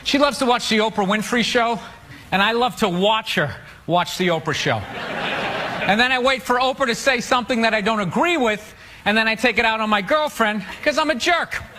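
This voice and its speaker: A male stand-up comedian ranting through his routine, often bursting into shouts, on a club stage with a handheld mic. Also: sits high, a little fast. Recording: noisy live club recording. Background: audience laughter.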